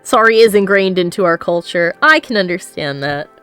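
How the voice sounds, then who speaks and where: A woman's voice: on the low side, expressive, moderate pace, fairly bright tone, clear, resonant tone, dry recording, soft background music. A woman from the United States hosting a casual stream, often laughing as she reads viewer messages aloud. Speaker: streamer host reading chat. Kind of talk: casual chat.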